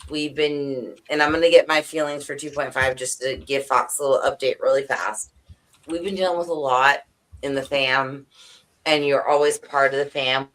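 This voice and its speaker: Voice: medium pitch, steady tone, normal speed. Gushing voice greeting friends on stream. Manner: warm, gushing, affectionate toward chat. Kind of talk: casual chat.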